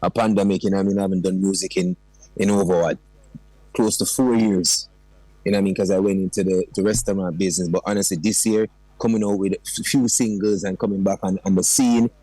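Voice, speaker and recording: A man with a Jamaican accent, a dancehall artist in a radio interview, who talks in an animated way, slips into patois and keeps saying "you know what I mean". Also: sits low, fast talker, no room sound, low-quality recording. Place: radio studio.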